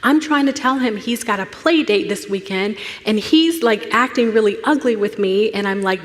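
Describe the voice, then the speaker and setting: A woman, a therapist speaking at a church, telling a personal story and acting out the voices in it, dropping to a hush at tender moments. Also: mid-range voice, moderate pace, few pauses. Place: church sanctuary. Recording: long hall reverb.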